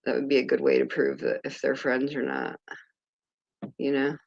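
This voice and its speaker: A livestream host chats casually in a rambling, distracted commentary, swearing offhandedly while sorting out some links. The voice is mid-range and monotone, with vocal fry, spoken at a normal speed, and the recording sounds muffled.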